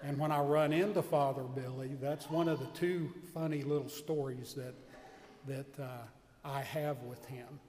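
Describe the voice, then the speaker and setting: Man telling a lively story in a reverberant hall. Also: medium pitch, a little slow. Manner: lively anecdotal storytelling with quoted dialogue. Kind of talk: storytelling homily.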